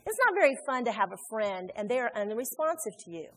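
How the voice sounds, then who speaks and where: A fairly high-voiced woman preaching in a church. She is animated and chatty, teasing the congregation between points, and a long hall reverb hangs behind her voice. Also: brisk. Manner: animated, conversational, joking with the congregation. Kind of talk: sermon. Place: church sanctuary.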